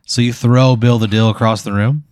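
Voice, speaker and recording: A man's voice: medium pitch, fairly even intonation, normal speed, darkish tone, clean tone, no room sound, clean studio sound. A man running a tabletop game as game master, narrating scenes in a casual, profane, vivid storytelling way.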